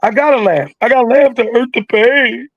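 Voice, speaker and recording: A man in his sixties telling stories as a guest in a casual interview, animated and joking, acting out quotes with big jumps in his voice. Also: extremely high pitch, brisk, no echo, muffled recording. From Philadelphia. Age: 60s. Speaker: guest, veteran rapper.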